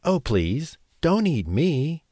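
A man's voice: medium pitch, big pitch swings, measured pace, a little mellow, no room sound, studio quality. A man voicing a small, frightened young billy goat pleading in a bedtime story.

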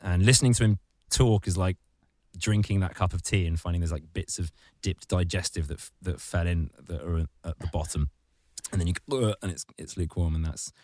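A man's voice: sits low, brisk, darkish tone, no echo. A man in casual comedic podcast chat, ranting sardonically with crude, vivid insults.

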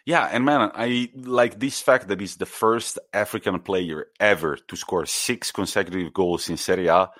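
Low-voiced man chatting football. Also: normal speed, few pauses, no room sound. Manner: animated storyteller, acts out quotes. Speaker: podcast co-host. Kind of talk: casual football chat.

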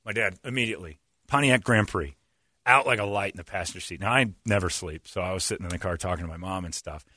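A man's voice: deep voice, fast talker, dry recording, clean studio sound. A man hosting a casual chat, telling road-trip stories with lots of laughter and acted-out voices. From West Virginia. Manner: animated storyteller, laughs often, acts out voices. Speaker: podcast host.

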